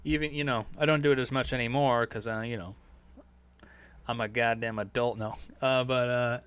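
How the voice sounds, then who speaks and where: A man's voice: medium pitch, steady tone, normal speed, a bit bright, clean tone. A man hosting a podcast, answering listener questions in a loose monologue that is profane and full of fillers. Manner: rambling, profane, heavy on fillers. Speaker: podcast host.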